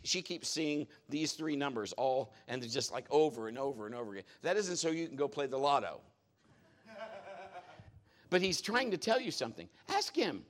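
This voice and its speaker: A middle-aged male pastor preaching in an animated storytelling way, acting out quotes with big leaps in pitch. His speaking voice sits a little higher than most men's. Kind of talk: sermon.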